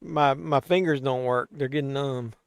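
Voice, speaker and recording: A man's voice: medium pitch, fairly even intonation, moderate pace, gravelly, clear, resonant tone, dry recording, studio quality. A man hosting a live watch-along stream, chatting casually with viewers, loose and profane and a little tipsy from drinking. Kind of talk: casual live-stream chat, reading chat aloud.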